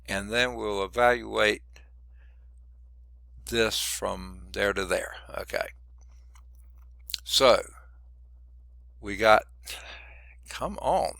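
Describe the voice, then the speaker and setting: Slow, gravelly man teaching math. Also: lowish voice, bright, forceful tone, no echo. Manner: thinks aloud step by step, muttered asides. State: losing his voice. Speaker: math instructor. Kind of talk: recorded lecture working through problems.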